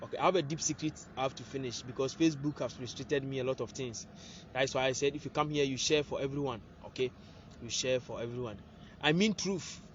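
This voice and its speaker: A man's voice: mid-range voice, a little fast, highs cut off, slight background noise. A man gives an informal spiritual lesson, often asking "what?" and answering himself, recorded on a phone. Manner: rhetorical questions, prompting "what?". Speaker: spiritual teacher. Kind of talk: casual teaching monologue.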